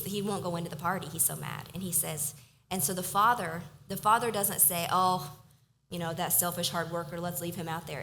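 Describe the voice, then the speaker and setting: A woman's voice: on the low side, fairly bright tone, slight background noise, poor audio. A woman giving a casual, conversational sermon at a church service, earnest and self-deprecating. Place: church hall.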